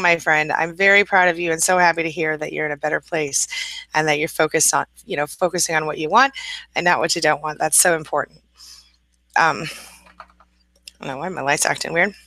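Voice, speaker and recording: A woman's voice: low-pitched, a little fast, pushed and bright, dry recording. A middle-aged woman hosting a live-stream chat as a relationship coach, greeting viewers by name and reading comments aloud in a chatty way.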